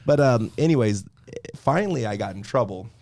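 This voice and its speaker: A man, a podcast guest, telling stories in a casual, animated way and laughing often. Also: mid-range voice, fairly quick, dry recording. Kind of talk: casual storytelling.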